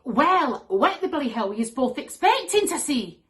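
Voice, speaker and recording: A woman's voice: sits high, sing-song, moderate pace, voice pushed up. A woman doing a blunt Glaswegian mum. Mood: exasperated. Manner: blunt, exasperated. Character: blunt no-nonsense Scottish mum.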